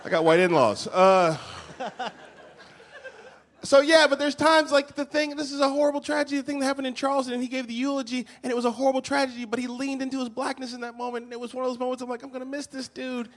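A man performing an animated stand-up comedy set on a live stage, with lots of asides. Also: very high voice, quick pace. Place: live theater stage before an audience. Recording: live stage with audience and room noise.

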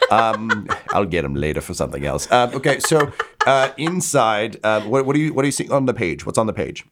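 A man's voice: fairly low pitch, lively intonation, a little fast, very noisy. A man narrating as game master of a tabletop game, rambling with many fillers and restarts.

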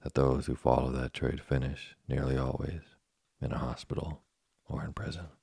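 Man doing a calm, wise old cricket for a sleep story; very deep, husky, unhurried. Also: dry recording, clean studio sound, exaggerated voice. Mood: calm, admonishing.

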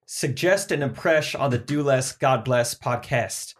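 A man's voice: mid-range voice, a little slow. A man co-hosting a casual comedy podcast, playful and joking. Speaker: podcast co-host.

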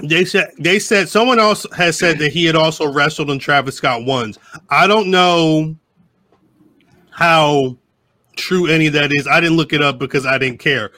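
A man talking in loose, profane podcast chat, circling back and restarting his thoughts. His voice is bright and a little high, and it sits dry and close with no room around it. He rambles on as a co-host. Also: no echo. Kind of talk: casual live podcast chat.

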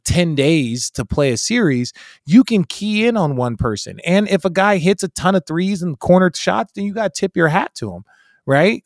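Male host, casual sports banter, emphatic and animated, swears, dry close sound. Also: medium pitch, no echo.

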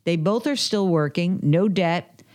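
Woman podcast guest, personal finance author, a bit low-pitched, conversational storyteller who acts out quoted lines. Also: measured pace, darkish tone. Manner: chatty, acts out quoted dialogue, many fillers.

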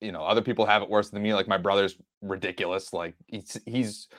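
A man with a Boston accent, co-hosting a sports podcast in relaxed casual conversation. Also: lowish voice, a little fast, no echo, clean studio sound. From Boston area. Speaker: podcast co-host.

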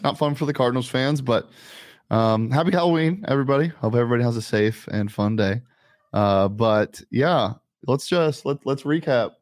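Male betting show host, casual and upbeat, mid-pitched, rambly. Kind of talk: casual sports betting chat.

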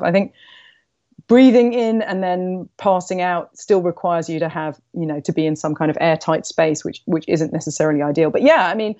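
A woman author being interviewed on a podcast, speaking in a thoughtful, measured way. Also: on the low side, dark tone, no echo, dull audio. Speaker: author guest. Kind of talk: conversational interview.

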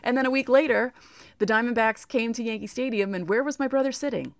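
A woman's voice: on the high side, fast talker, dry recording. A woman from New York co-hosting a sports talk show, telling anecdotes animatedly and laughing often. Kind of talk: casual storytelling chat.

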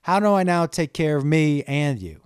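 A man's voice: fairly high pitch, big pitch swings, normal speed, clear, resonant tone, no room sound, studio quality. A middle-aged man hosting his own podcast, talking candidly and rambling, swearing freely and pleading with his listeners. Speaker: podcast host. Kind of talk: casual solo podcast talk.

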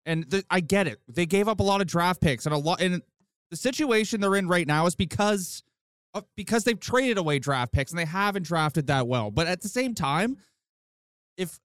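A man's voice: high voice, animated, normal speed, fairly bright tone, clean tone, dry recording, clean studio sound. A man co-hosting a casual sports podcast. He argues emphatically and repeats phrases for stress. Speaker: podcast co-host.

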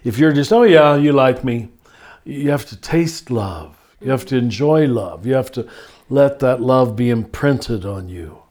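Slow, soft-spoken man teaching. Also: medium pitch, lively intonation. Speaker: spiritual teacher. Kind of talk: reflective conversation.

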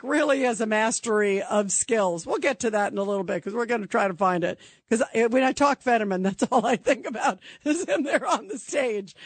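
A woman hosting a radio talk show, sarcastic and animated, mocking and doing impressions as she talks. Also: on the high side, no room sound.

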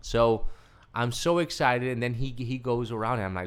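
A man being interviewed as a guest, telling a personal story in an excitable way and acting out the dialogue he quotes. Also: medium pitch, moderate pace, clean tone.

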